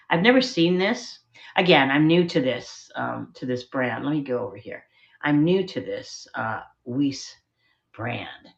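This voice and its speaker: Middle-aged woman, rambling self-deprecating seller chat, home room, slightly muffled sound. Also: a bass voice. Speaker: online jewelry seller. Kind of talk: live-stream auction chat. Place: spare bedroom at home.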